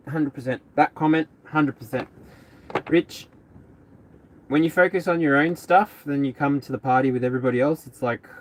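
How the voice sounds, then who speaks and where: A man hosting a live tarot reading stream, chatting casually with viewers, rambling and laughing often. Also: mid-range voice. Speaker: tarot reader.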